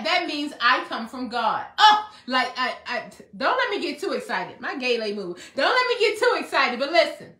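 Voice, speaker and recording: Excitable woman preaching self-love. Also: sits high, roomy sound. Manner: excitable, preachy, rhetorical questions and repetition. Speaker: self-help speaker. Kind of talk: motivational preaching talk.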